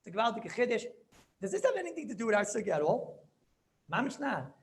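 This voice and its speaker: Gravelly rabbi teaching with Yeshivish lilt. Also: male voice, very high voice, sing-song, quick pace, a little hiss or hum. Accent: Yeshivish English. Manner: storytelling, repeats phrases, asks students questions. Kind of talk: animated Torah class with Yiddish and Hebrew terms.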